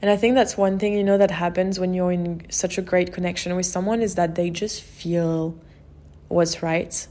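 A woman's voice: on the low side, fairly even intonation, normal speed, warm tone. A woman hosting a podcast, telling a personal story in an open, emotional way and often saying "like" and "you know". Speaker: podcast host.

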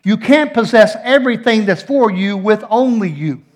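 High-voiced joking pastor. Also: male voice, lively intonation, normal speed. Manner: folksy, joking storyteller with playful asides. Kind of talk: sermon.

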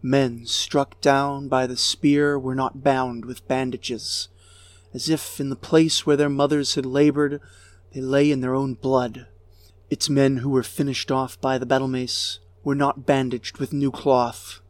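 A man giving a grave, measured reading of an ancient lament as narrator. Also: medium pitch, level tone, no echo. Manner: slow, grave, measured delivery.

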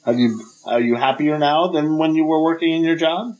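A man's voice: on the high side, normal speed, lo-fi sound. A man co-hosting a podcast, casually asking questions and teasing his co-host. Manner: lively, prodding questions, teasing. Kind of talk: casual chat.

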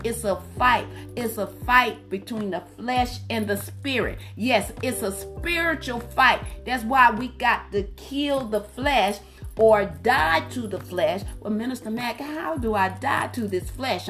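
A woman's voice: a little high, a bit bright. A woman minister preaching a fervent sermon, punctuated with frequent hallelujahs. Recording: faint music behind.

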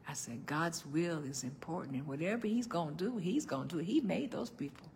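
Animated older woman pastor preaching. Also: deep voice, fairly quick, hardly any pauses, a little hiss or hum. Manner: animated preaching, calls out to the congregation, swings from loud to hushed. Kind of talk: sermon. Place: church.

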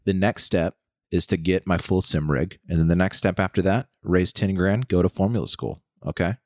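A man's voice: low-pitched, steady tone, normal speed, no echo, clean studio sound. An American man in his thirties co-hosting a podcast, joking and rambling with lots of fillers. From United States. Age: 30s. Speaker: podcast co-host. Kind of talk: casual chat.

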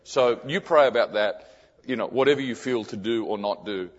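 A man's voice: mid-range voice, normal speed. A man preaching a sermon as a missionary, telling a personal story in an earnest way. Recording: echoey hall, dull lo-fi sound.

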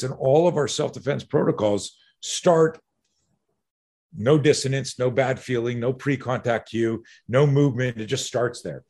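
Husky man, self-defense teacher, animated storyteller who swears freely. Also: medium pitch, a little slow. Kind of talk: conversational storytelling.

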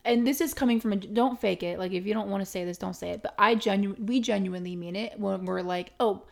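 A young woman co-hosting a podcast in easy, casual chat, with a gravelly, creaky texture. She tells stories with quick asides at a middle pitch. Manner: chatty, storytelling, quick asides. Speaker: podcast co-host.

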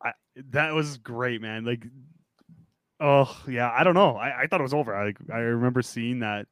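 Man, podcast co-host, casual sports chat, laid-back, swears, dry sound, mid pitch. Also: moderate pace, a bit bright, no room sound.

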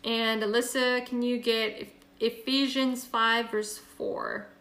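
Bright, chatty woman leading Bible study. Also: a little high, flat delivery, slow, echoey room. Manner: chatty and earnest, with many fillers and restarts. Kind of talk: casual online Bible study teaching. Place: video call from home.

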